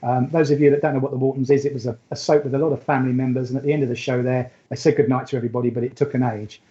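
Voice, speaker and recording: A man's voice: mid-range voice, little pitch movement, racing, dark tone, dull audio. A man giving a live spiritualist mediumship reading, chatty and affectionate, rambling with fillers and restarts. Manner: chatty and affectionate, calls the sitter "my darling".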